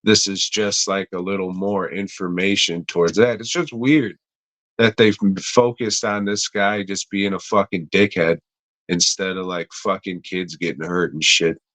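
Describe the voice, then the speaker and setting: Slow, low-voiced profane podcast co-host. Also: male voice, steady tone, fairly bright tone, no room sound. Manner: profane, rambling, frequent fillers. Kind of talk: casual podcast chat.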